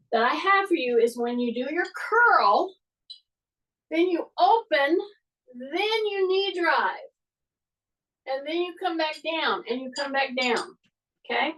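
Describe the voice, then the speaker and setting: धीमी, स्थिर आवाज़ में वर्कआउट कराती महिला, माइक से दूर. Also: female voice, high-pitched, recorded from a distance, low-quality recording. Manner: steady, even coaching cues. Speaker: fitness instructor. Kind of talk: guided workout instruction. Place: home workout space.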